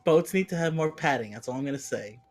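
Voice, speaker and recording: Man, tabletop player, halting casual delivery, mid-pitched voice. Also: animated, faint music behind.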